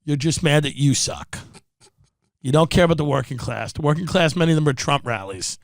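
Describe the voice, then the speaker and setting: A man's voice: fairly high pitch, a little fast. Sarcastic, profane male comic ranting. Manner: sarcastic, profane, impersonates people mid-rant. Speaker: podcast host. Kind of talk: comedic rant.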